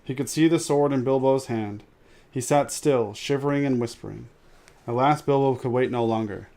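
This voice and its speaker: A man's voice: mid-range voice, moderate pace, mellow. Man reading a storybook aloud.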